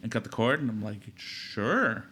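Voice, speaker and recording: A young man co-hosting a podcast, recounting a story in easy conversation. His voice is bright and forward. He tends to act out quotes, leaping up in pitch for them. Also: normal speed, a little hiss or hum. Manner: animated retelling, acts out quotes with big pitch jumps. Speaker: podcast co-host, new father. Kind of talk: casual storytelling chat. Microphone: podcast microphone.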